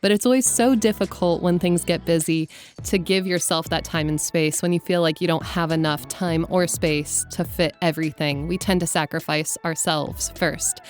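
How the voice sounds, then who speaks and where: Reflective vlogger, woman voice actor, slightly low voice, soft music under. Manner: relaxed, reflective, conversational. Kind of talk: vlog talk and voice-over.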